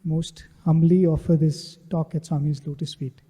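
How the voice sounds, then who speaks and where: A man's voice: on the high side, little pitch movement, normal speed, mellow, husky, soft background music. A man giving an earnest devotional talk, telling stories and often asking "right?" to his listeners. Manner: earnest storytelling, frequent rhetorical "right?". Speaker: devotional speaker. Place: devotional center hall. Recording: echoey hall with long reverb.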